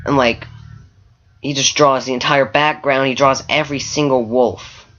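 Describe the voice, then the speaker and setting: A man's voice: mid-range voice, steady tone, moderate pace, a bit bright, lo-fi sound, slight background noise. A man casually retelling a story from an online game, rambling with lots of "like" fillers and restarts.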